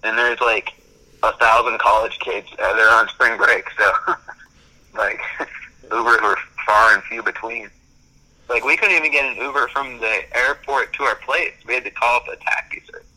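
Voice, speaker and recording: A man's voice: medium pitch, moderate pace, sharp tone, rough recording. A young man in casual chat, rambling through stories with lots of "like" and frequent laughs. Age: young adult.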